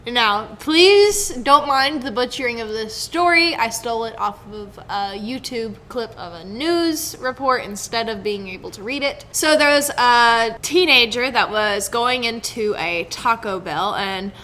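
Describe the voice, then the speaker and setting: A young woman chats casually on a podcast, retelling a news story in a bright, lively tone. Her pitch sits a little high. Laughter keeps breaking into her talk. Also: measured pace, few pauses. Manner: chatty, laughs often, storytelling. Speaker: podcast co-host, news segment host.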